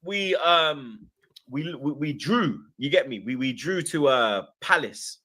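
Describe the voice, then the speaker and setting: Bright lively London man telling a story. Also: mid-range voice, slow. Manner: lively, slang-heavy, acts out quoted voices. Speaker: guest. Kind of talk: animated storytelling.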